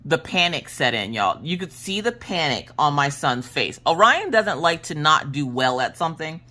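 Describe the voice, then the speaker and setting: Craft vlogger mom, lowish bright voice, chatty storyteller who laughs a lot. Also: female voice, big pitch swings, moderate pace. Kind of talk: casual storytelling chat while crafting.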